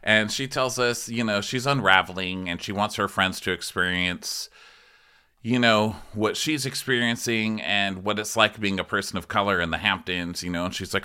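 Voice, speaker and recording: A man with a low, bright, edgy voice co-hosts a comedy podcast. He recaps reality TV in a campy, chatty way and acts out quotes in mocking high voices. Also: fairly even intonation, moderate pace, clear, resonant tone. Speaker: podcast co-host.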